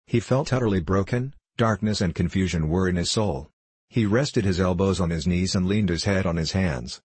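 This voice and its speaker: A man narrating a classic novel in a measured, steady storytelling voice. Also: sits low, husky, no echo. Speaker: audiobook narrator.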